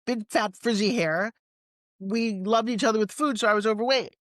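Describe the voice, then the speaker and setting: A woman in her sixties with a New York accent, a guest telling personal stories in a lively, candid way with quick asides. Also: fairly high pitch, dry recording, studio quality. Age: 60s. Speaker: interview guest. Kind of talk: personal storytelling in conversation.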